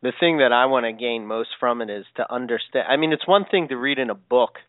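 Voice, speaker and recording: A man with a mid-range voice muses thoughtfully, pausing on fillers as he builds a point. The sound is dry and close, thinned out like a phone line. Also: mid-range voice, dry recording. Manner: thoughtful, hesitant, lots of fillers. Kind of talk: casual podcast chat. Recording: tinny phone-like call audio.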